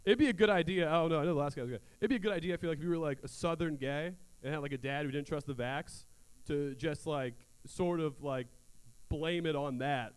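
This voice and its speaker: A man's voice: fairly high pitch, clean tone. Crude, self-mocking young male stand-up comic. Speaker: stand-up comedian. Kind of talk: stand-up comedy set. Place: theater stage.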